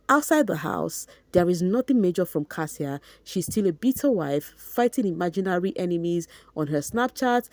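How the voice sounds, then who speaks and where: A young Nigerian woman with a Nigerian accent, reading out and reacting to a reality show gossip post, laughing often in an animated, mocking way. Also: fairly low pitch, dry recording. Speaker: gossip vlogger.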